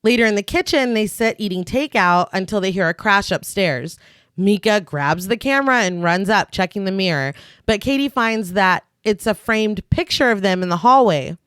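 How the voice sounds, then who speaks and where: A woman's voice: medium pitch, lively intonation, moderate pace, fairly bright tone, clean tone, no echo. Woman, podcast co-host, plot recap, sarcastic asides, dry close sound. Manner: dry, sarcastic asides between plot beats, laughs often. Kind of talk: casual chat, narrating a plot recap.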